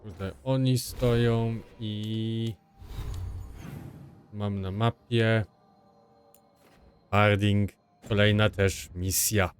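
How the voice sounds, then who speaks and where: A man giving casual let's-play commentary as a gaming streamer, with relaxed, offhand remarks. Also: lowish voice, slow, pauses often, soft background music.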